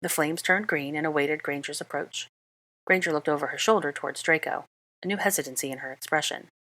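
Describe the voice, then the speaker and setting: A woman narrating a fan fiction story aloud in a calm, measured reading voice. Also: deep voice. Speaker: reader.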